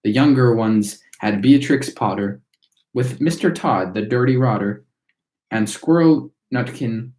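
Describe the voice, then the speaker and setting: Little factory workers' preachy rhyme, read by a man, bouncy steady rhythm, echoey room. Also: medium pitch, unhurried, close to an everyday voice. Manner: rhythmic verse recitation. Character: chorus of tiny singing factory workers. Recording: roomy echo.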